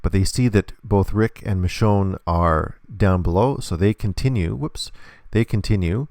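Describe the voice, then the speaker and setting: A man's voice: lowish voice, unhurried, darkish tone, no echo, clean studio sound. A man teaching a hands-on lesson, explaining patiently step by step. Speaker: instructor.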